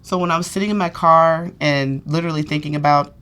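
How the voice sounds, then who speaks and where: A woman speaks in a candid patient-testimonial interview. Her delivery is chatty and lively. She fills her sentences with "you know" and slips into the voices of the people she quotes. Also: sits low, fast talker, smooth. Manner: lively, acts out quoted speech.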